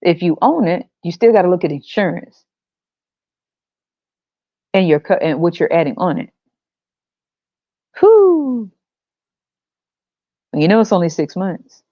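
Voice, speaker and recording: A woman's voice: lowish voice, very animated, a little slow, pauses often, no room sound, lo-fi sound. A woman hosting a podcast, ranting bluntly and profanely, exasperated and often laughing. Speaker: podcast host.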